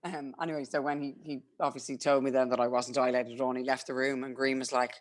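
A young Irish woman chatting casually, telling a story with lively acted-out quotes and frequent laughs. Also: rumbling low, fast. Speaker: podcast guest telling a birth story. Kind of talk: casual chat.

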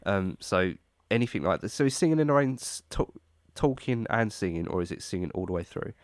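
A man hosts a casual chat, relaxed and self-deprecating as he asks his questions. His voice is fairly low, recorded dry with no room sound. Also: brisk, no room sound.

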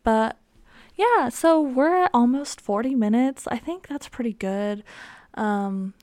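A woman's voice: fairly high pitch, takes it slowly, a little mellow. A young woman talks into a desk microphone, hosting her own podcast in a loose, chatty way. She rambles and pokes fun at herself, with plenty of "like" and "um" along the way. The sound is dry and close, with no room echo. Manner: chatty and self-mocking, many fillers like "like" and "um". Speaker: podcast host. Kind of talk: casual solo podcast chat. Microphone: desk microphone with headphones.

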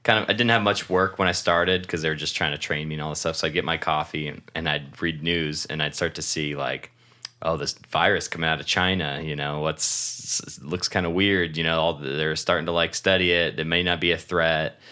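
A man's voice: a bass voice, fairly even intonation, fairly quick, pushed and bright. A young man from Washington state, co-hosting a podcast in casual chat, rambling through stories, laughing often and swearing freely. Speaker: podcast co-host.

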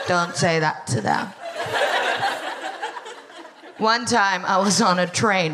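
A woman's voice: on the low side, measured pace, long pauses, very noisy. An American woman in her thirties performing a wry stand-up set, telling a story and acting out quotes in front of a live audience. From United States. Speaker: comedian, co-host.

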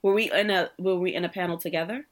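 A woman's voice: lowish voice, fast. A young adult woman from Brooklyn with a New York accent, telling stories in a casual chat, laughing often and acting out quotes. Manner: animated storytelling with frequent laughter and voiced quotes.

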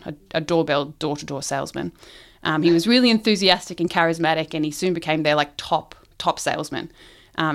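A woman telling a long shaggy dog joke in casual chat. Her voice sits a little low, and she keeps giggling and wandering through her setup with ums and false starts. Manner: giggly, rambling, with many ums and restarts. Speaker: joke teller.

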